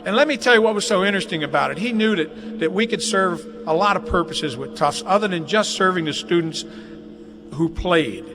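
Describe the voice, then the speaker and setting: With a high, expressive voice and a slightly fast delivery, an older man shares jokey, folksy anecdotes at a dedication in a large athletic facility. It comes from a live webcast, with long hall reverb and faint background noise.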